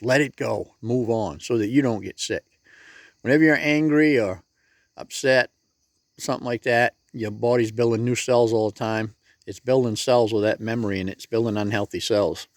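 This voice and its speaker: A man's voice: mid-range voice, fairly quick, no echo, studio quality. A man talking straight to the camera in a casual motivational vlog, with plain-spoken, folksy advice. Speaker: motivational vlogger.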